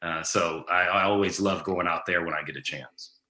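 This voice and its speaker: Answering questions in a noticeably echoey room, a relaxed guest speaks in a fairly low voice with a bright, forward quality. His replies are full of ums and restarted sentences as he works out his thoughts.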